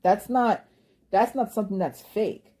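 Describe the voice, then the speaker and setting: A woman's voice: medium pitch, measured pace, mellow. A young woman giving an emotional personal monologue, impassioned and ranting, cursing and repeating words when worked up. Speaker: vlogger.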